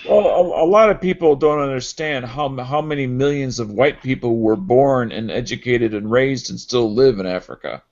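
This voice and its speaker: Halting man in a casual group chat. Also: mid-range voice, darkish tone, dull audio. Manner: halting, restarts words.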